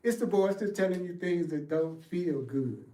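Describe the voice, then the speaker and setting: Guy teaching spiritual stuff, kinda high voice, pushes his points hard and repeats em, sounds roomy and a bit far off. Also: expressive, normal speed, dark tone. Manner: emphatic, repetitive, call-and-response with audience. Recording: echoey room, voice from off-mic.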